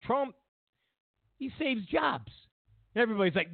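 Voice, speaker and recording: A man's voice: fairly high pitch, big pitch swings, slow pace, gravelly, no room sound. A man hosting a talk radio show, ranting and mocking as he delivers a monologue. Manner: mocking, ranting, acts out both sides of conversations. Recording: tinny, phone-like radio sound.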